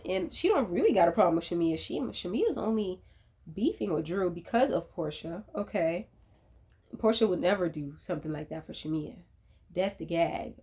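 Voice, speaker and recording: A woman casually recapping a reality TV episode, animated and profane, with laughing asides. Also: mid-range voice. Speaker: reality TV commentator.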